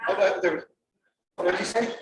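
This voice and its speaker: A middle-aged man presenting at a conference, lively and joking as he quizzes the audience. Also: high-pitched, brisk. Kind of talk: interactive workshop talk. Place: conference room. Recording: echoey room, mic far off, faint noise.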